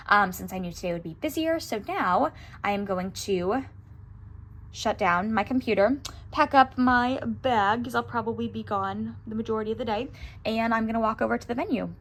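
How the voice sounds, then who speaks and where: A woman's voice: mid-range voice, a bit bright. A young woman fitness coach talking casually to her camera in a chatty, upbeat vlog, with lots of fillers.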